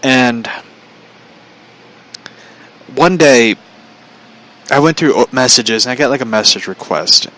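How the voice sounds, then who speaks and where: A man's voice: mid-range voice, slow pace, long pauses, pushed and bright, rough recording. A man casually telling a personal story, chatty, relaying a conversation line by line and laughing often.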